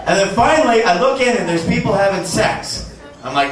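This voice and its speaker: A man doing stand-up, telling a profane story with animated shouted quotes in a comedy club. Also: sits high, moderate pace. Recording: echoey club audio from far off.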